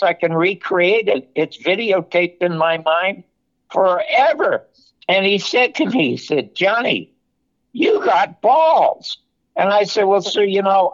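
Older man, interview guest, animated storyteller, acts out quotes, high voice, dull lo-fi recording. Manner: animated anecdote-telling, acts out quoted dialogue. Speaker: guest, television producer. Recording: muffled, lo-fi audio.

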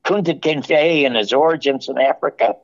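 An older man, a television producer, telling animated stories in an interview and acting out the dialogue. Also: fairly high pitch, normal speed, creaky. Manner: animated anecdote-telling, acts out quoted dialogue. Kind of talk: storytelling interview. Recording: muffled, lo-fi audio.

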